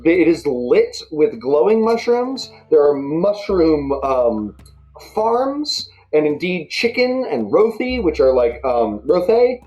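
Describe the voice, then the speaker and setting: A woman runs a tabletop game, narrating in a relaxed, hesitant way. Her voice is low-set and mellow but lively in pitch, with faint background music. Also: slow pace, dull audio. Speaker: game master.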